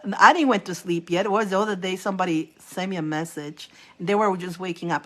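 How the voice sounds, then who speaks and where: Woman reader w/ a chatting on a live stream, animated, laughs a lot. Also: lowish voice, fairly quick, few pauses, soft background music. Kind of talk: casual live-stream chat.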